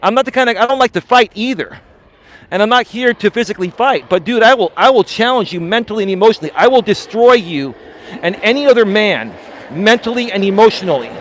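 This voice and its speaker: High-voiced confrontational male coach. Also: expressive, fast talker, slight background noise. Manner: confrontational, repeatedly calls the listener bro and sir. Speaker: dating and life coach. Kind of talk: live-stream rant.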